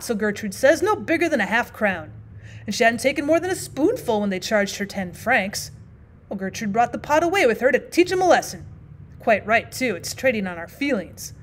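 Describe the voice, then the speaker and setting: A woman's voice: on the high side, very animated, moderate pace. A woman voicing a feeble, tearful old man who pipes and quavers in a thin voice as he chats on. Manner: piping, quavering.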